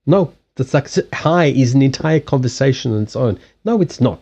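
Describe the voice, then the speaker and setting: A man hosting a casual livestream chat, blunt and animated, swearing freely and acting out quoted lines. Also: medium pitch, moderate pace. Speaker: livestream host.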